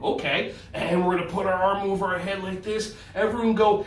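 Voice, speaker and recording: A man's voice: sits high, brisk, few pauses. A man teaching a playful yoga stretch lesson for kids, goofy and jokey, in a roomy recording from a distance. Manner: goofy, animated, jokey with children. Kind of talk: playful kids' movement lesson.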